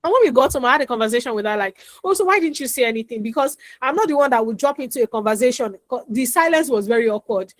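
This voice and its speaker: A woman's voice: a little high, expressive, quick pace, hardly any pauses, dry recording. A woman coaching parents in a chatty talk full of stories, repeating her advice and acting out little dialogues. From Nigeria. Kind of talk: instructional talk with anecdotes.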